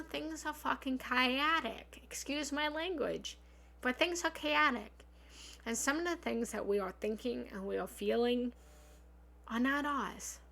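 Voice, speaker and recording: A woman's voice: a little high, a bit bright. A woman giving an earnest, encouraging live-stream self-help talk as a spiritual love coach, speaking frankly and repeating affirmations from her home office. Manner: frank, occasionally swears. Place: home office and meditation room.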